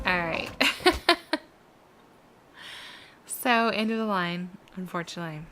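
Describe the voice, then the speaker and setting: A woman's voice: on the low side, slow, pauses often, fairly bright tone, a little hiss or hum. Giggly woman commenting on a game. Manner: chatty, giggly. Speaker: let's play gamer.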